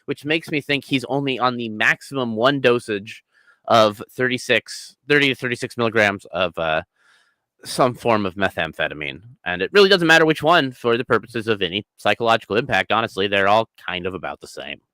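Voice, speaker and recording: A man co-hosting a podcast, talking casually with a lot of swearing and ranting that builds to shouting. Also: medium pitch, expressive, fairly quick, no room sound, low-quality recording. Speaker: podcast co-host.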